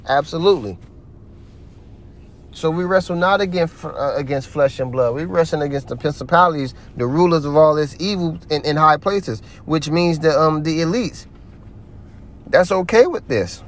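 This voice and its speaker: Profane, preachy man with slightly high voice. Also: normal speed. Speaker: religious commentator. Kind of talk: heated religious commentary.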